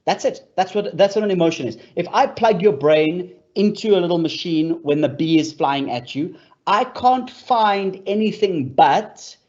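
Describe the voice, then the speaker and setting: Animated man explaining, dull lo-fi sound. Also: on the high side. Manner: animated, repeats key points, addresses audience as friends. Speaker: speaker on mental health for leaders. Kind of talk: explanatory talk with storytelling.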